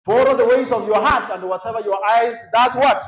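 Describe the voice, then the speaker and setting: At a youth conference, a Kenyan-accented speaker leads a brisk teaching session in a big hall whose echo fills out his fairly high voice. He blends Swahili phrases into his English and pauses so the young audience can complete his sentences.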